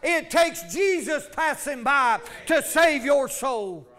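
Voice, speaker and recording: High, bright-voiced preacher. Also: male voice, lively intonation, slow pace, soft background music. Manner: fervent preaching, swinging from loud calls to low asides. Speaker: pastor. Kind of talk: sermon.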